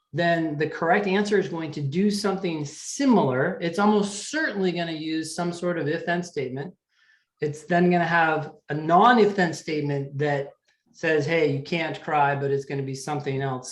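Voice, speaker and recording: A man's voice: a little high, moderate pace, fairly bright tone, reverberant. A man teaching a live test-prep class, explaining step by step in a conversational way and often checking in with the students. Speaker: LSAT teacher.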